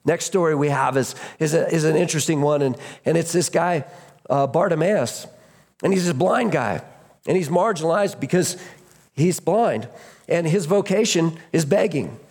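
A man preaching a sermon as pastor, retelling stories animatedly and acting out voices, shouting at the peaks. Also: fairly high pitch, normal speed. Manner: storytelling, acts out voices in the story.

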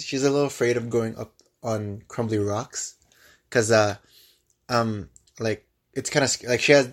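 Chatty young man telling a story. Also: medium pitch. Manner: animated storyteller with many restarts. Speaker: podcast co-host. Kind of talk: casual podcast chat.

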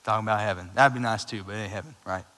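Guy preaching casual and lively, bright voice, big echoey church hall. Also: on the low side, rapid-fire. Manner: casual, animated preaching with asides and laughs. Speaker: pastor. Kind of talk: sermon. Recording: long hall reverb.

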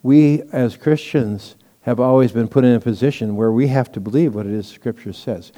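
A man's voice: medium pitch, normal speed, warm tone, long reverb tail. A man preaching a sermon as pastor, teaching in a conversational way with stories and asides.

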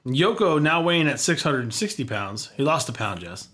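A man's voice: medium pitch, sing-song, moderate pace, fairly bright tone. Wry man reading out wrestling history. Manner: wry, reads facts with quips. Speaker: podcast host. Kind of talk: casual chat, reading prepared notes.

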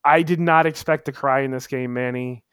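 A man's voice: medium pitch, steady tone, normal speed, fairly bright tone, clean tone, no room sound, studio quality. A man chatting casually as a podcast co-host, telling a story with lots of restarts and emphatic bursts. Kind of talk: casual chat.

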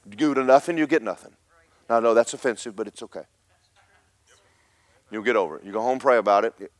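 A man preaching a fiery Pentecostal sermon in church, telling stories and building to emphatic, shouted points. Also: medium pitch, fairly quick, dry recording.

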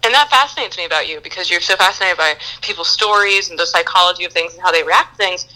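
A woman's voice: fairly low pitch, fast, sharp tone, low-quality recording. A woman guest in a casual chat, talking in an enthusiastic and playful way.

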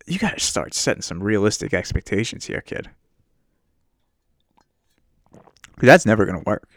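A man's voice: lowish voice, very animated, moderate pace, long pauses, a bit bright, dry recording, clean studio sound. A man hosting a casual podcast, ranting about a movie in a crude, rambling and self-mocking way. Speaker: podcast host. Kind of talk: casual profane movie rant. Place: home setup while on a muted work meeting.

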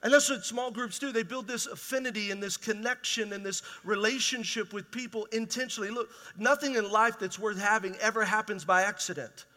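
High, bright-voiced preaching man. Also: steady tone, fairly quick, few pauses. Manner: conversational preaching, rising to emphatic exhortation. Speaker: pastor. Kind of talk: sermon. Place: large church hall. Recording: reverberant church hall.

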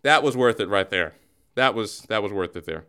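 A man's voice: lowish voice, expressive, moderate pace, background noise. A man hosting a podcast in casual chat, joking around and rambling through a playful play-by-play. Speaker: podcast host.

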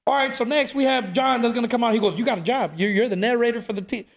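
A man's voice: very high voice, fast talker, creaky. A man telling stories in a casual chat, acting out what people said. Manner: animated storyteller, acts out quotes, says "bro" a lot.

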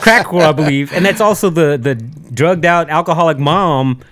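A man's voice: fairly high pitch, moderate pace, a bit bright, no echo. A man co-hosting a podcast in casual chat, laid-back and swearing a lot. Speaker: podcast co-host.

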